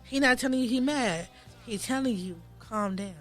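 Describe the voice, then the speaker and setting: A young adult woman, a podcast guest, telling stories in an outspoken, animated way in casual chat. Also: sits high, fairly quick, faint music behind.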